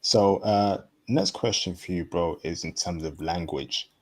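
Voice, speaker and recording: Brief: male host, very low voice, blunt and casual. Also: a little slow. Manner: blunt, matter-of-fact, calls guest bro. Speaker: interview host. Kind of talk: casual interview questions.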